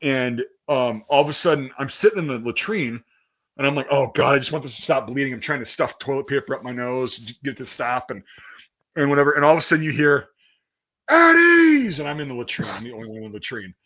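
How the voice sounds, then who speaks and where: A man's voice: medium pitch, fast. A young man telling a rambling, profane story in casual chat and acting out the voices of the people in it. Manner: profane, animated storyteller, acts out quoted voices. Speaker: podcast host.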